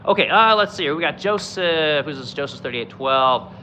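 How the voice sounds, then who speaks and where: Fired-up guy ranting on his livestream, swears a lot, pitch jumps all over, kinda high. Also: expressive, normal speed, bright, forceful tone, a little hiss or hum. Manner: profane, exasperated ranting with mocking quoted voices. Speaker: political livestream host. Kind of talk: ranting political livestream commentary.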